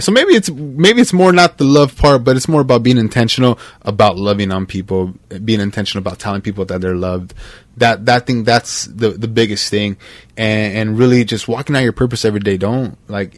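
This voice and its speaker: A man hosting a podcast, talking in a casual, heartfelt and animated way, dropping "man" and "bro" constantly. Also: on the low side, a little fast, no room sound. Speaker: podcast host.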